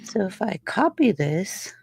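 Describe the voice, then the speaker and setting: Brief: chatty woman, gravelly and a little husky, in a lively group voice call. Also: medium pitch, measured pace, dry recording. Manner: chatty, swears casually. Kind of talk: casual group voice chat.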